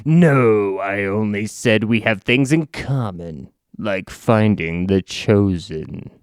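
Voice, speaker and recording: A man voicing a shadowy, grandiose alien villain who mocks heroes in a slow, sneering way. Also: on the low side, clean tone, dry recording, clean studio sound, pitched below the performer's own voice.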